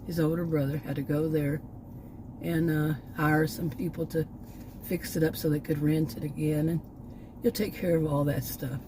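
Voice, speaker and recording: Background noise surrounds this older Texan vlogger, whose low voice barely moves in pitch at a normal pace. She talks casually and ramblingly about personal matters, with plenty of restarts and asides, slightly out of breath. She's from Texas in the United States.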